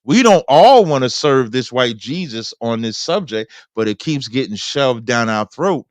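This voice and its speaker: A man hosting a debate who reads scripture aloud in a preacherly way, slowing down for the verses. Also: mid-range voice, expressive, dry recording. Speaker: host.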